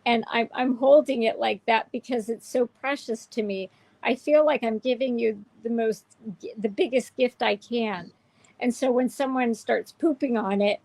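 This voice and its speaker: A woman's voice: fairly high pitch, unhurried, gravelly, a little mellow, no echo, low-quality recording. A woman hosting a candid livestream chat, speaking in a heartfelt, emotional way with many restarts. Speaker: show host.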